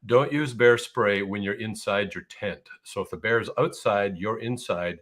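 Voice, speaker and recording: Low-voiced man telling a camping story. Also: unhurried, fairly bright tone. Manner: laughs easily, storytelling. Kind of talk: casual conversation.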